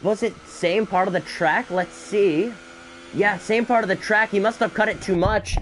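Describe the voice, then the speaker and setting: Breathless excitable man calling a sim race. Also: high-pitched, moderate pace, soft background music. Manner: excitable, rising to shouts in battles, chatty asides. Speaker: esports race commentator. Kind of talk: solo live race commentary.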